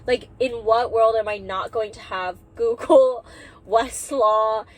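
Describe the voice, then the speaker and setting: A woman's voice: fairly high pitch, slow pace. A young woman, talking candidly in a casual vlog and using many fillers like "like". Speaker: vlogger. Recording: noisy background.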